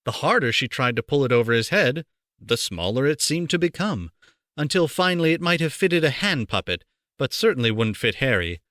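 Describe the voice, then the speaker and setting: A man reading a storybook aloud for children, playful and animated, on a close home mic. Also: medium pitch, a little fast, no echo. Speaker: amateur voice actor reading aloud.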